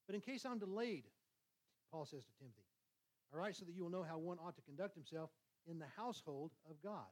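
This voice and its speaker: A male preacher delivers a sermon at a rapid clip, his voice sitting a little higher than most men's. He talks in a casual, conversational way, stumbling over restarts and often checking in with the congregation. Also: a little mellow, poor audio. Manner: conversational, repeats "all right?"; fast-talking, frequent restarts.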